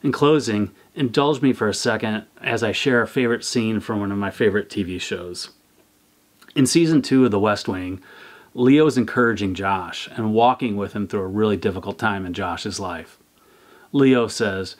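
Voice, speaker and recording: Measured low-voiced man reading a devotional. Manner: measured and earnest. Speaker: church communications director. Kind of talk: scripted devotional.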